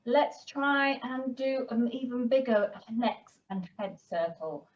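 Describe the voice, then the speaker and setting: A woman teaching a children's yoga class and giving gentle, encouraging instructions to young kids. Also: a little high, expressive, takes it slowly, distant mic, muffled recording. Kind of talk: guiding a kids' yoga class.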